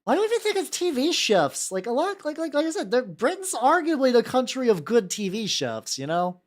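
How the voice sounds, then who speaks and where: A streamer at a home desk mic, talking in a loose, rambling way, full of fillers and the odd curse word. The pitch swings lively up and down. They keep stopping to greet the chat by name. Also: a little fast. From United States. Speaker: VTuber streamer. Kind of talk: casual live-stream chat.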